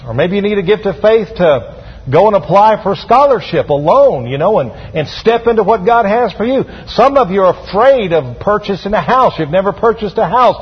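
A man's voice: high-pitched, lively intonation, normal speed, breathy edge. A man preaching a sermon as a pastor, calling on the congregation to answer back. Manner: preaching with call-and-response to the congregation. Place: church sanctuary. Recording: dull sound with long hall reverb.

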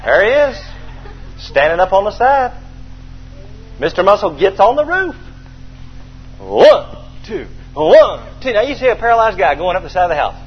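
Brief: high-voiced, lively male preacher, theatrical storytelling sermon, dull lo-fi recording. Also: normal speed, pauses often, breathy edge, faint music behind. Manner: animated storytelling, acting out scenes, calls for response.

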